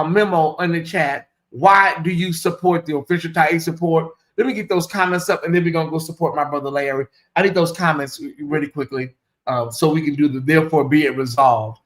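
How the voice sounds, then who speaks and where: A man hosting a casual livestream, reading viewer comments aloud and stretching out questions slowly for effect. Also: fairly high pitch. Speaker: livestream host.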